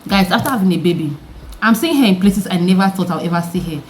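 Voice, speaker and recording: A young woman with a deep, mature-sounding voice, chatting candidly to camera in an animated way and throwing questions at her viewers. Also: quick pace, slight background noise. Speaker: vlogger. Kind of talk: candid vlog chat to camera.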